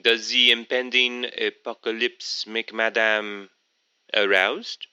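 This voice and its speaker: A man voicing a bright attentive AI phone voice. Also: fairly low pitch, takes it slowly, clean tone, lo-fi sound, exaggerated voice. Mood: suave. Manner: polite, formal, flattering. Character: smooth male AI phone companion, attentive.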